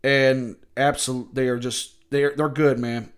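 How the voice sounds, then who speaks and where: A man's voice: mid-range voice, little pitch movement, a little slow, clear, resonant tone. A man hosting a solo sports talk show, ranting in a fired-up, profane way. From Louisville area.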